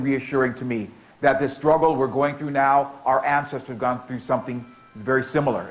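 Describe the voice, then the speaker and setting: A man's voice: mid-range voice, low-quality recording. A middle-aged man from the United States telling a story to a conference audience, repeating lines in a rhythmic way and leading the crowd in call-and-response. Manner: playful, leads audience participation with cues; repetitive, rhythmic oral storytelling.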